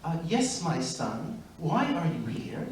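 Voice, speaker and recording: A man voicing a calm, kindly older priest, speaking slowly and low. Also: a little hiss or hum. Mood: gentle. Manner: slow, gentle, low. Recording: very echoey hall, far mic.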